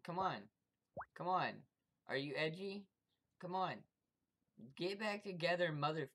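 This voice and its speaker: A gameplay commentator who trash-talks enemies in profane, excitable bursts and yelps when startled. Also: medium pitch, fairly quick, a little hiss or hum. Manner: taunts the game's enemies directly. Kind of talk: let's-play commentary.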